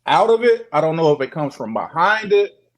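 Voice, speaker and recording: A man's voice: on the high side, normal speed. A man telling his own story on a video call, casual, profane and repetitive, often acting out what people said. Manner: profane, repetitive, animated retelling. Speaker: guest sharing a sighting.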